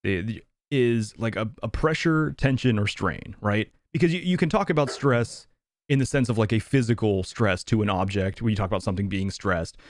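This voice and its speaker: A man's voice: fairly low pitch, moderate pace, no room sound, clean studio sound. A man co-hosting a casual podcast over a video call, thinking aloud with lots of restarts and fillers. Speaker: podcast co-host.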